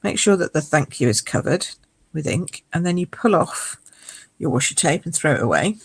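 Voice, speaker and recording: A woman hosting a live card-making demonstration, chatty and explaining each step as she goes, with a croaky voice. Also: sits low, very animated, moderate pace, poor audio.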